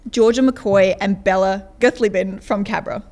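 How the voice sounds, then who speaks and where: A woman's voice: medium pitch, fairly even intonation, normal speed, a little mellow. A young woman presenting an award, reading evenly from a prepared script.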